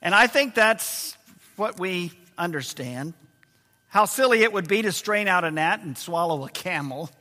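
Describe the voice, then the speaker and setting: A man preaching a sermon as pastor, slowing down to stress key words and letting his voice fall low and quiet at times. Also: lively intonation. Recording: long hall reverb.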